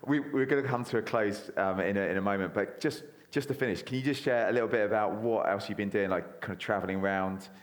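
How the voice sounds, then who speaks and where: A man hosting an interview at a church event, quick and encouraging. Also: on the low side. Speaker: host.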